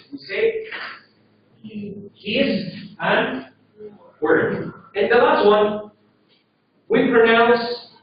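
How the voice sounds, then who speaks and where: Heard from far off in a highly reverberant room, a male English teacher with a high voice takes his class through pronunciation drills slowly, often asking "okay?" to check understanding. The lo-fi recording is dull, with a little hiss or hum.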